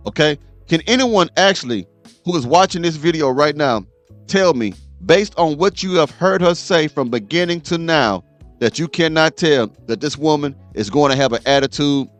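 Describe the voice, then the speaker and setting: A man hosting a show, lecturing his audience as he reacts to a clip and repeats "okay?" to drive points home. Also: a little high. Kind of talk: reaction commentary.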